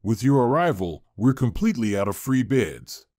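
A man voicing a calm, busy hospital doctor who speaks in a matter-of-fact, polite way. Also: mid-range voice, moderate pace, no echo, studio quality, natural voice.

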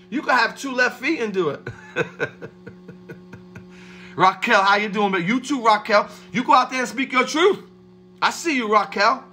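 A man hosting a livestream, giving a streetwise motivational pep talk and shouting out viewers by name. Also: sits high. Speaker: livestream host.

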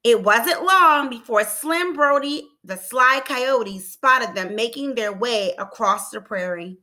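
A woman teacher reading a storybook aloud to children, expressive and asking them encouraging questions. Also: on the high side, slow pace, few pauses. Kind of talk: storybook read-aloud lesson.

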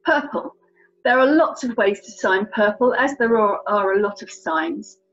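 Her mid-range voice a bit bright and a little slow, a British sign language tutor from England leads a children's lesson on signs for colours. The recording is muffled, and she keeps things chatty, playful, and encouraging.

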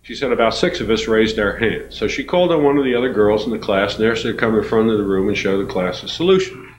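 A man, a university professor, giving a storytelling lecture, animated and acting out the voices in his anecdotes. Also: fairly low pitch, fast. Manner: animated, acts out quoted voices, chuckles. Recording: roomy hall with faint noise.

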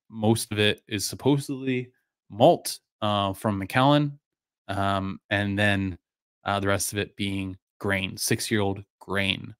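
A man's voice: on the low side, clean tone, no room sound, studio quality. Man hosting a casual live stream. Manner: relaxed, rambling, many fillers and restarts. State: voice going a bit hoarse. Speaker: live-stream whisky reviewer, host. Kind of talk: casual live-stream chat, answering viewer comments.

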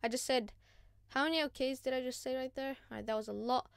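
A woman hosting a gaming channel, giving casual gameplay commentary in an excitable, chatty, self-mocking way. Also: high voice, fast, vocal fry, smooth, dry recording, studio quality.

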